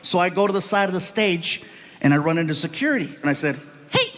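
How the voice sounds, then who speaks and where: Animated, high-voiced stand-up comedian. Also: male voice, quick pace. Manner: animated, loud, acts out every scene. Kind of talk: stand-up storytelling.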